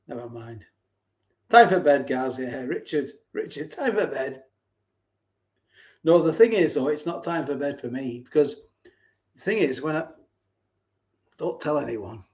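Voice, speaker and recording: A man hosting a casual live stream, reading viewer comments and thanking them by name, sometimes dropping into low asides. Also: lively intonation, unhurried, long pauses, a little mellow, muffled recording. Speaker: host of a food channel live stream.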